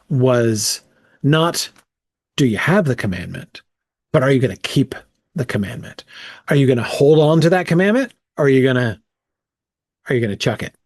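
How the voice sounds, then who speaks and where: A man's voice: medium pitch, a little mellow, dry recording, studio quality. A man leading a casual bible study, thinking aloud with frequent "um" and "right?" as he works through the text.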